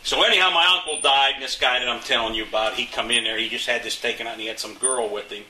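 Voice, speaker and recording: An older man tells his stories in a folksy, indignant way, looping back over his words. His voice is bright and sharp. It was recorded in an echoey room with a faint hum behind it. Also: mid-range voice, fast talker, far from the mic. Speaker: interviewee, local resident. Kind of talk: casual storytelling interview.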